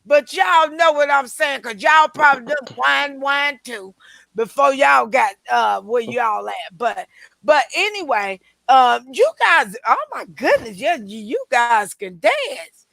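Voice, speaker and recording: A woman preacher hosting a casual interview, animated and teasing, calling her viewers y'all and honey. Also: high-pitched, measured pace, creaky, dry recording. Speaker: preacher and show host.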